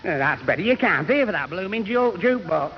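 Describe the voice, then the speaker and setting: A man's voice: high-pitched, big pitch swings, fairly quick, over music. A man playing a dim, flustered young man who stumbles and muddles his words in a 1960s radio comedy. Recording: dull lo-fi 1960s radio recording with hiss.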